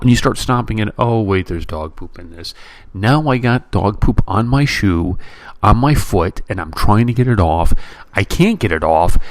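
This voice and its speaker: A man's voice: low voice, no echo. A man hosting a podcast in a casual, blunt style, full of fillers and restarts, building exasperated exaggerated comparisons. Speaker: podcast host. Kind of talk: casual movie-review rant.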